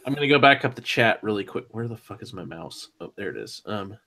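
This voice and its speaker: A man's voice: lowish voice, big pitch swings, fairly quick, sharp tone. A man chatting casually on a stream, laid-back and blunt, swearing now and then.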